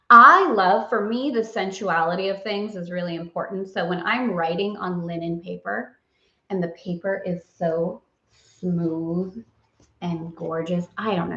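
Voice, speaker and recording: A woman's voice: mid-range voice, fairly bright tone. Bubbly gushing woman hosting a live stream. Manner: bubbly, gushing, laughs often. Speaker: host. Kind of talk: casual livestream chat. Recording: roomy, dull lo-fi sound.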